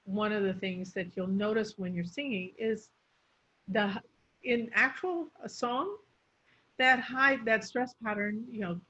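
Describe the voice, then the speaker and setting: A woman's voice: mid-range voice, unhurried, sharp tone. A woman speech coach teaching intonation, drawing out words to demonstrate stress, on a muffled lo-fi recording. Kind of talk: explanatory teaching.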